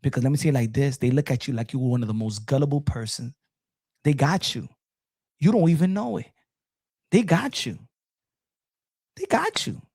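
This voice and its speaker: A man streaming boxing commentary, talking to his chat in an animated, teasing, repetitive way with frequent laughs. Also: mid-range voice, a little fast, long pauses, husky.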